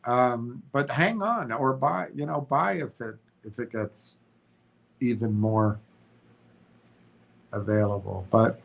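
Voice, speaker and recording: A man with a stuffy, congested voice hosts a casual stock livestream. He talks slowly and haltingly, often restarting and correcting himself as he reads his notes aloud. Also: medium pitch, lively intonation, creaky, fairly bright tone. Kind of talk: casual stream commentary, reading notes aloud.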